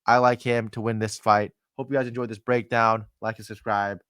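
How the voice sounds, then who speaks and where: Rambling, animated man making fight picks. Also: fairly low pitch, moderate pace, clear, resonant tone, dry recording, studio quality. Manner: animated, rambling, swears casually, acts out fighters' thoughts. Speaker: MMA analyst host. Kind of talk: casual fight predictions monologue.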